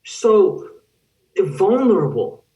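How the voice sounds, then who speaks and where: A man's voice: sits high, sing-song, extremely slow, warm tone, far from the mic, exaggerated voice, poor audio. A young man student actor voicing a heartbroken man bitterly confronting the partner who hurt him, in an anguished monologue over a video call. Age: young adult. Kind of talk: dramatic monologue.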